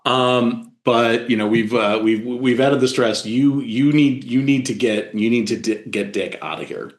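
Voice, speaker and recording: A man narrating as game master of a tabletop horror game, halting with many fillers and restarts. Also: medium pitch, reverberant.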